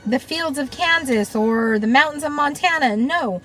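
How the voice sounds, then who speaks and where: A woman talks in a reflective, unscripted monologue. Her voice sits a little high. She is earnest and thoughtful, filling pauses with "you know" and "um", while soft music plays faintly behind her. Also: low-quality recording. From United States. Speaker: shamanic practitioner and teacher.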